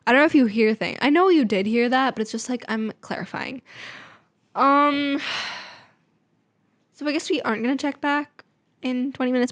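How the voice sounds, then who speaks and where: Rambling young woman vlogger, a bit high, dry close sound. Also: moderate pace, pauses often, dry recording. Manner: chatty, rambling, self-mocking. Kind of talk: casual vlog chat.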